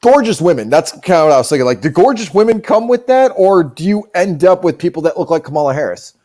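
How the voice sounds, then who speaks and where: A man's voice: sits high, very animated, fast talker, a little mellow. A man hosting a live stream, rambling and joking with plenty of profanity in casual chat. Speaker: streamer and show host.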